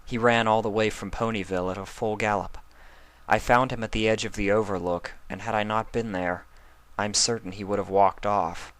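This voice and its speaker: A man voicing a gentle female pony princess of the night, speaking softly and earnestly as a storybook reader. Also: fairly low pitch, steady tone, normal speed, close to an everyday voice. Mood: worried.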